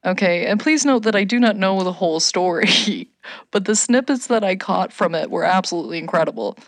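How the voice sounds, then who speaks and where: A woman from Canada telling a funny story in casual chat, animated, swearing and shouting out quoted lines. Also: mid-range voice, a little fast, dry recording, studio quality.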